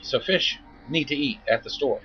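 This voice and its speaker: A man's voice: mid-range voice, moderate pace, faint music behind. A man giving an informal talk as a koi veterinarian, chatty and wry, acting out mock quotes. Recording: dull lo-fi recording with faint noise.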